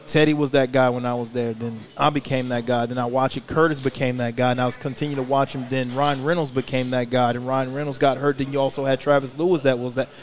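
A former player talking in a casual podcast chat, emphatic and fired up, swearing freely, recorded live at a restaurant. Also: male voice, medium pitch.

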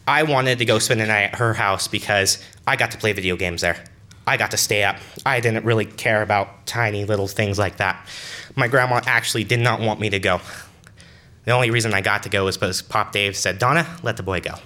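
Young male storyteller, bright voice, earnest and halting, casual delivery. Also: on the low side. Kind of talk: personal story told to an audience.

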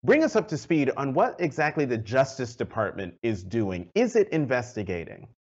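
A man hosting a news interview, conversational and quick to laugh as he asks questions. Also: medium pitch, very animated, a little mellow, husky, highs cut off. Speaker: host.

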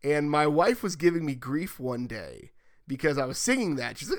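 A man's voice: fairly high pitch, very animated, normal speed. A man hosting a sports podcast, chatty and joking, who asks long rambling questions. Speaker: podcast host. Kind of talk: casual sports podcast chat.

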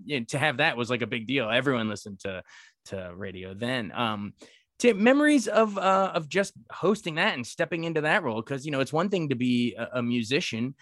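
A man's voice: medium pitch, a bit bright, dry recording, studio quality. A man interviewing a guest, casual and rambling, with frequent fillers and easy laughter. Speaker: entertainment reporter, interviewer. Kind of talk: conversational interview.

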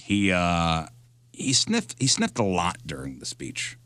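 A man's voice: low voice, wildly swooping pitch, slow pace, a bit bright, no room sound. A man hosting a radio show, chatting casually and joking as he reads out news items.

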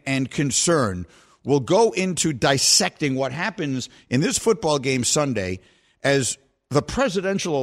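Middle-aged guy hosting sports radio, teasing then musing, voice bouncing all over, a bit high. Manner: teasing, then reflective and wordy. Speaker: radio show host. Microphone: studio microphone.

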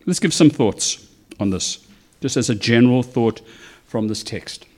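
Man preaching, conversational, animated, medium-pitched voice. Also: a little slow. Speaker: pastor. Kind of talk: sermon.

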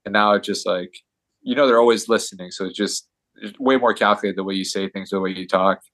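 A man around forty, a guest on a podcast, telling stories in a rapid, loose, casual way. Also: lowish voice, fairly even intonation, fairly bright tone, no echo. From United States. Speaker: podcast guest, pro hockey player. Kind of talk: casual chat.

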